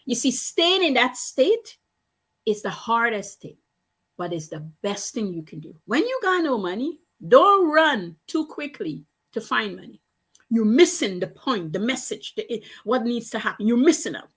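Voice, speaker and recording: A woman's voice: on the high side, very animated, moderate pace, slightly rough. A woman business coach giving a motivational talk, telling stories in earnest, emphatic, repetitive phrases.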